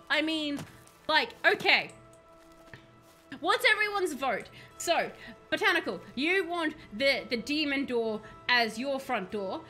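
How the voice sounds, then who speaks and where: A woman's voice: high voice, sing-song, slow pace, bright, forceful tone, soft background music. A young woman streaming a video game, chatting casually with playful, rambling jokes. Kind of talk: casual live-stream chat while playing.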